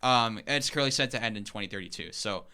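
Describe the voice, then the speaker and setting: Bright, crisp young man explaining eagerly. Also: lowish voice, fast. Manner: eager, rambling explainer with many fillers. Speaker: podcast co-host. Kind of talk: casual explanatory podcast talk.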